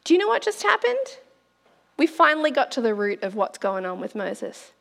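Woman preacher, high and very expressive, casual and laughing, long hall reverb. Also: moderate pace, vocal fry. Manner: animated, laughs often, addresses listeners as "you guys". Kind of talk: sermon.

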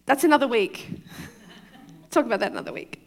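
Her sermon feels like conversation: a woman pastor with a foreign accent laughs easily, chats and frequently checks in with the congregation. The voice is fairly high, animated and creaky, at a moderate pace, with a long reverb tail.

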